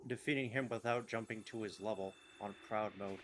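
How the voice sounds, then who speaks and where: A man's voice: on the low side, a little fast, background noise. A man chatting casually during a game stream, rambling with fillers and swearing. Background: game music.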